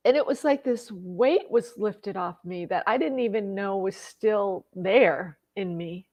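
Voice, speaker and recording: Speaking a little slowly in a mid-range voice with a darkish tone, this middle-aged personal growth vlogger shares a personal story in a conversational way. She grows emotional, tears up at times, and restarts often.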